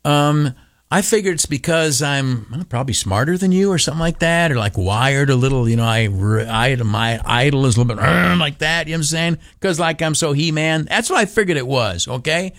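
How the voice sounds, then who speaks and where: A man's voice: fairly high pitch, animated, a little fast, fairly bright tone, dry recording, clean studio sound. An older man telling a humorous story on the radio, acting out the dialogue in raised voices. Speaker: radio commentator.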